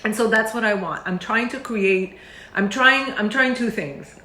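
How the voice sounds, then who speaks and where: A woman's voice: mid-range voice, expressive, unhurried, bright, forceful tone, slight background noise. A middle-aged woman, a meditation teacher, speaking earnestly and with feeling, full of fillers and restarts. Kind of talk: heartfelt talk to camera. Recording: roomy echo.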